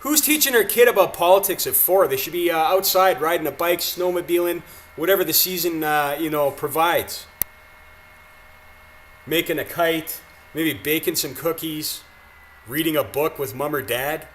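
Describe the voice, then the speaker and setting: Canadian guy with a high voice ranting and swearing at news clips, faint hum behind. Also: normal speed, fairly bright tone. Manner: angry, crude, mocking. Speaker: streamer reacting to clips. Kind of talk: profane ranting commentary.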